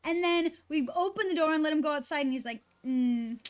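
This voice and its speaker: A woman's voice: high-pitched, fast. A woman streamer chatting casually and rambling, swearing freely and talking to her dog between thoughts.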